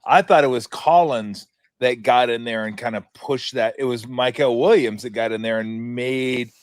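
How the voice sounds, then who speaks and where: A male sports radio host in casual chat, telling stories in an animated way and laughing often. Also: mid-range voice, normal speed, no echo.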